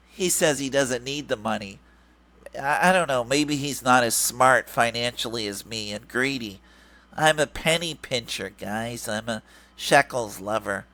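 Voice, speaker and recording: A man adopts a mocking, nasal voice to play a greedy, whiny male grifter who keeps pleading for money. His delivery is pushed and bright at a medium pitch, sing-song and repetitive, in the style of a mocking impression.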